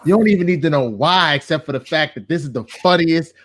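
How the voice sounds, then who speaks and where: A man co-hosting a casual TV review chat, excited, swearing often and acting out lines. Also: fairly high pitch, fast. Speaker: co-host.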